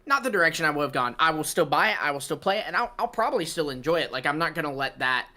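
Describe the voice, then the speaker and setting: Easygoing bright-voiced male co-host. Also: a little high, expressive, racing. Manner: easygoing, reasoned opinions. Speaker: podcast co-host. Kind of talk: casual chat.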